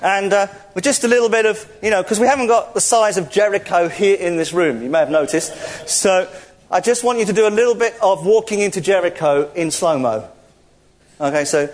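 A high-pitched man preaches fairly quickly in a church service, joking and laughing as he animatedly tells a story. He directs volunteers throughout this playful, interactive sermon.

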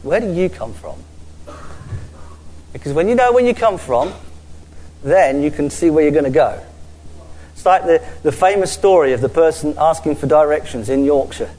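A man preaching a sermon to a church audience, earnest and halting, restarting and repeating words, and slowing down to stress key phrases. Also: on the high side, lively intonation, mellow, rough recording. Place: church gathering with a screen before an audience.

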